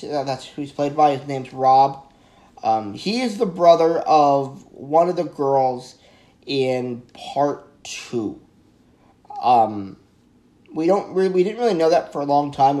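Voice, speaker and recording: A man talks through a horror film review in a loose, excitable ramble. He keeps tripping over his words and backtracking, and his voice sits a little on the high side. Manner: excitable, rambling, stumbles and corrects himself.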